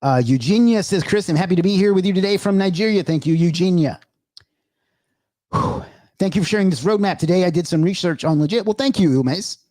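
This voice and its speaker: Male livestream host, fairly high voice, upbeat, reads chat and thanks viewers, dry close sound, slightly winded. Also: fast talker, few pauses, warm tone, no room sound. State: out of breath. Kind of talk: livestream Q&A, reading chat aloud.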